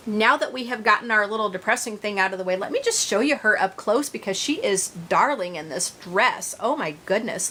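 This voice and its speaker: A woman's voice: mid-range voice, lively intonation, a little fast, hardly any pauses, fairly bright tone, slight background noise. A middle-aged woman vlogging about her reborn dolls, chatting casually to viewers with many fillers and restarts.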